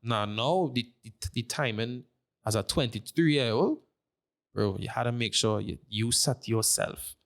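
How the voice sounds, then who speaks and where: A gravelly, mid-range male voice at a measured pace belongs to a streamer in his twenties with a Trinidadian accent. Appearing as a podcast guest in a casual conversation, he talks brashly, emphatically, and with plenty of slang.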